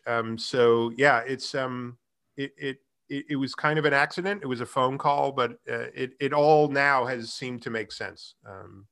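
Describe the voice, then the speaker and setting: A middle-aged man in a casual interview, telling his career story with lively acted-out dialogue. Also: mid-range voice. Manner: animated storyteller, acts out quoted dialogue. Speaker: guest, music tech company founder.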